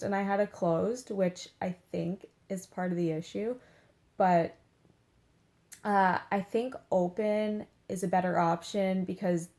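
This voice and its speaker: Talking from her bed at home, a young beauty vlogger with a medium-pitched voice relaxes into a chatty story for the camera. Her tone is warm and mellow rather than bright, she leans heavily on "like", and she acts out quotes in little voices.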